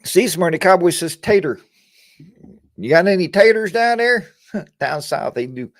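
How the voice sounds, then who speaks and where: A man's voice: high voice, lively intonation, unhurried, no echo, studio quality. Chatty rambling man hosting a bike show. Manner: rambling and joking, chatty asides. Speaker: host of a live motorcycle chat show. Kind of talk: casual live-stream chat, reading viewer comments.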